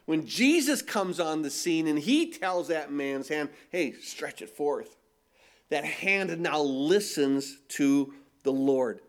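Male pastor, high voice, emphatic sermon delivery with rhetorical questions. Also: animated, slow pace. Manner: emphatic, repeats phrases and asks rhetorical questions.

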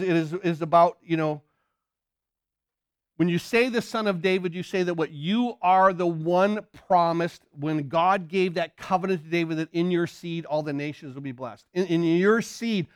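A male preacher delivers a lively sermon in a fairly high voice. He throws rhetorical questions at his listeners and swings between loud bursts and hushed lines. The recording is dry and close. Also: smooth, dry recording. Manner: animated, acts out shouts and crowd voices.

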